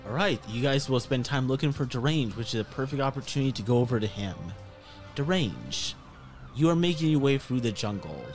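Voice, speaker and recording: A man's voice: mid-range voice, animated, brisk, faint music behind. A man narrating a tabletop game as game master in a loose, casual way.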